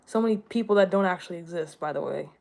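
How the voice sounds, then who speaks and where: A woman's voice: lowish voice, quick pace, vocal fry, darkish tone. Rambling young woman chatting casually. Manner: rambling, self-correcting, jokey, with laughs. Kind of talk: casual chat answering viewers.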